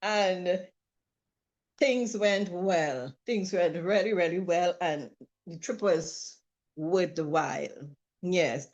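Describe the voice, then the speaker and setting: A woman's voice: mid-range voice, slow, dull audio. A woman telling a travel story in casual talk, acting out the people she quotes. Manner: lively, acts out quoted voices, laughs often. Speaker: trip participant sharing a story.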